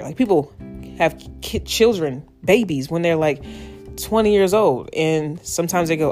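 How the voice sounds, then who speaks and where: A young woman hosting a casual solo podcast, talking in a loose, slangy, animated way with playful impressions. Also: low voice, moderate pace, soft background music. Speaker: podcast host.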